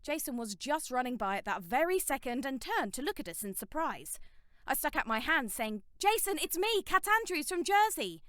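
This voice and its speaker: A woman narrating a teen novel audiobook in the first person, wry and expressive. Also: on the high side, dry recording, studio quality.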